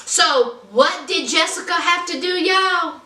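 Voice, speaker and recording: A woman with recaps a reality show like gossip with a friend, dramatic and animated, slipping into the people she quotes. Her voice is very high and bright. She sits a little back from the mic in a roomy, echoey space. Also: measured pace, recorded from a distance. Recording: echoey room, somewhat off mic.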